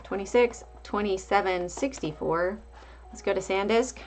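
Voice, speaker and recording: A woman's voice: mid-range voice, normal speed, a little hiss or hum. A woman hosting a casual live market stream, calling out price levels and chatting back to viewers. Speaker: livestream market host.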